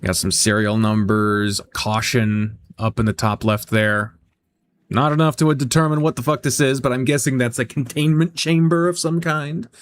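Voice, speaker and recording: A man's voice: mid-range voice, fairly even intonation, moderate pace. A man playing a tabletop game, chatting out of character, jokey, rambling and swearing freely. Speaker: player. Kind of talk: casual out-of-character game chat.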